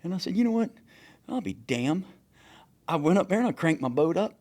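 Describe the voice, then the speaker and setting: A man, a fishing captain telling a story in casual, profane talk and acting out quotes loudly. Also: on the high side, very animated, fairly quick. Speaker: fishing captain, podcast guest.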